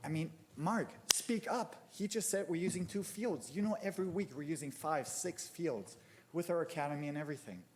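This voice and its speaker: At a city commission meeting, a youth soccer club member uses the public comment period to speak angrily and with exasperation, tripping over his words at the podium microphone. His voice is on the high side and brisk, with heavy background noise.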